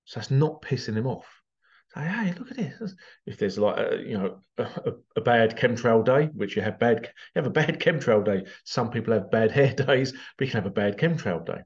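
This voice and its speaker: A man's voice: mid-range voice, normal speed, darkish tone, dull audio. A man talking casually to camera in a rambling way, full of sarcastic rhetorical questions. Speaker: vlogger.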